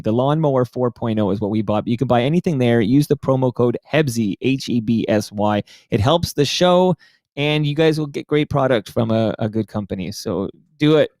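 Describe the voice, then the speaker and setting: A man's voice: mid-range voice, animated, moderate pace, a little mellow, no echo. A man co-hosting a casual podcast, upbeat and chatty as he reads sponsor plugs and viewer names. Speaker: podcast co-host and producer.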